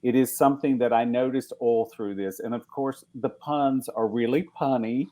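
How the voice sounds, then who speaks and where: A man's voice: medium pitch, fairly even intonation, moderate pace, warm tone. A man hosting an interview podcast, asking questions in an earnest, admiring way. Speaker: podcast host. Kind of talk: interview conversation.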